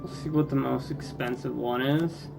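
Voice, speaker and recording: A man's voice: medium pitch, steady tone, moderate pace, vocal fry, background noise. A man commenting casually on his strategy game, muttering and ranting in frustration at it. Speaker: gameplay video creator.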